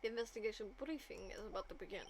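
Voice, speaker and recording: A woman's voice: mid-range voice, very fast, a little hiss or hum, lightly acted. A woman voicing a haughty young female prosecutor with a put-on German accent, cold and scornful, while reading a video game script aloud.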